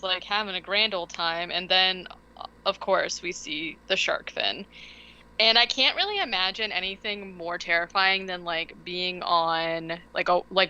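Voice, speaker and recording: A woman's voice: lowish voice, sharp tone. A woman from West Virginia co-hosting a podcast, recapping a film in a rambling, casual way full of fillers. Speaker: podcast co-host. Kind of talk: casual movie recap chat. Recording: dull lo-fi podcast audio.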